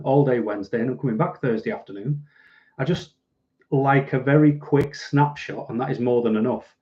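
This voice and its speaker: A man's voice: medium pitch, mellow, muffled recording. Dry Mancunian man reading live comments. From Manchester, England. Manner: dry, self-deprecating, chatty. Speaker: livestream host. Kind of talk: casual livestream chat reading viewer comments.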